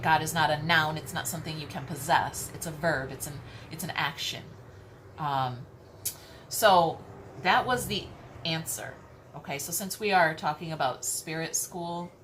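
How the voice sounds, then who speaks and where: A woman's voice: low-pitched, fairly bright tone, slight background noise. A woman tarot reader giving a spiritual teaching talk, emphatic and repetitive, checking in with "okay?" and swearing casually.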